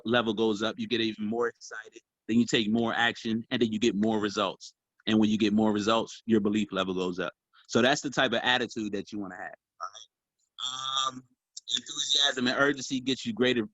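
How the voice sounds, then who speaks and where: A man coaching a group on sales, talking in a casual, animated way and calling them y'all. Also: mid-range voice, dry recording, lo-fi sound. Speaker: sales trainer. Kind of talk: motivational training talk.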